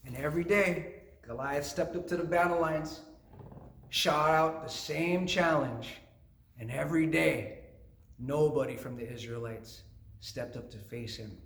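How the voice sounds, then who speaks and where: A youth minister retells a Bible story with playful jokes and asides. His voice sits somewhat high, and the room around him is noticeably echoey. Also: measured pace, gravelly, a bit bright.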